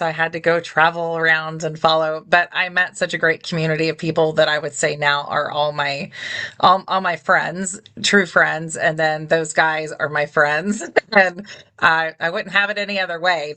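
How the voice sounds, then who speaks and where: A woman hosting a podcast, speaking in a heartfelt, halting way in casual conversation. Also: low-pitched, sharp tone. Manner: heartfelt, halting, repeats words. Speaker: podcast host. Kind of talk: casual interview chat.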